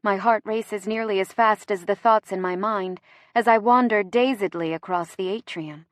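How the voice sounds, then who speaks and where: A woman reading first-person narration for a romance audiobook, expressive and close to the mic. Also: mid-range voice, moderate pace, dry recording.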